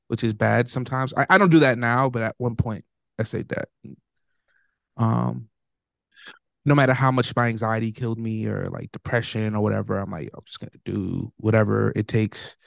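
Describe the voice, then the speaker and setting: Gravelly hesitant man in casual chat. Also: lowish voice, dry recording, clean studio sound. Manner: hesitant, full of ums and trailing-off thoughts. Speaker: podcast co-host.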